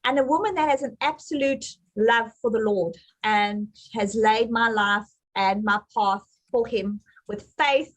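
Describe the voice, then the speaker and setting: A woman with a South African accent, a guest on a podcast interview, talking in an animated and upbeat way. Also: on the high side, measured pace, few pauses, poor audio. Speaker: entrepreneur guest. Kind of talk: casual interview.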